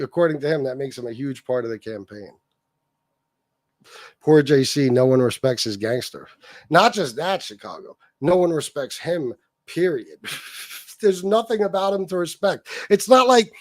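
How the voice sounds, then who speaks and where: A man's voice: fairly high pitch, no echo, clean studio sound. A man hosting a casual livestream, reading chat comments aloud and mocking someone with heavy profanity. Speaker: livestream host.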